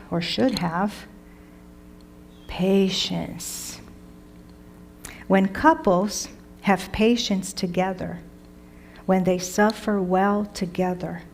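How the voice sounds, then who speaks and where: A woman's voice: medium pitch, slight background noise. A woman teaching Latin vocabulary to a class, enthusiastic and coaxing, with playful asides as she asks the listeners to repeat each word.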